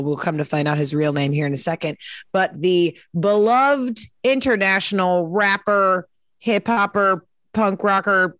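A woman's voice: lowish voice, a bit bright, dry recording, studio quality. A woman hosting a podcast in casual chat, self-mocking and rambling with jokes. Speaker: podcast host. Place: indoor studio.

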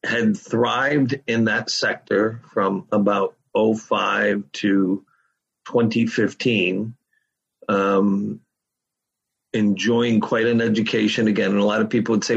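A man's voice: lowish voice, steady tone, takes it slowly, gravelly, breathy edge, lo-fi sound. A middle-aged man, a podcast guest, telling his story in a candid, casual way and swearing freely.

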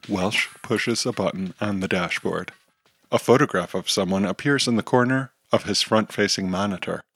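Low-voiced man narrating a story. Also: a bit bright, no echo, clean studio sound. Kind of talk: scripted audio drama narration.

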